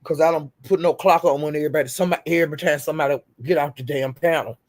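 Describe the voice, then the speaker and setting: A woman's voice: sits low, steady tone, very fast. A woman hosting her own livestream, telling stories in a profane, laughing, casual rant. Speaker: livestream host.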